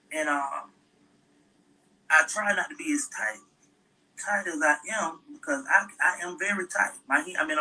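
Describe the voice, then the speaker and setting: A man's voice: a little high, bright, forceful tone, recorded from a distance, low-quality recording. A man playing a fussy middle-aged single mom who rambles on to her viewers while doing her daughter's hair in a comedy skit. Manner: rambling, chatty, talks to viewers.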